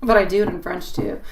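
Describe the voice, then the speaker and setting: A woman's voice: mid-range voice, heavy background noise. A woman reading tarot on a live stream, chatty and laughing often, calling her viewers sweet pet names. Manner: laughs often between remarks. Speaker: tarot reader.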